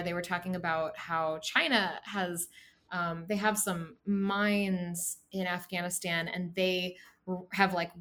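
A woman's voice: medium pitch, fairly bright tone. A young woman from the United States in a casual conversation about the news, chatty and worried, with many fillers. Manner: talkative, filler-heavy, concerned.

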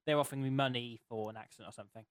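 A man's voice: mid-range voice, steady tone, racing, no room sound, studio quality. A young man telling rambling anecdotes in a casual podcast chat, full of ums and restarts. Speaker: podcast co-host.

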